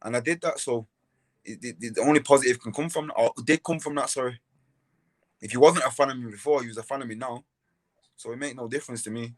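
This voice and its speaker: A man's voice: mid-range voice, fast, dry recording. A young man, a boxer, talking casually as a podcast guest, often repeating words and restarting his sentences. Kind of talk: casual interview talk.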